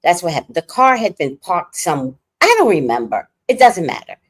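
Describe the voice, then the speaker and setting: Animated low-voiced New woman. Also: normal speed, slightly rough. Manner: animated, slangy, blunt, acts out voices. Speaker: livestream host. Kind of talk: casual storytelling chat.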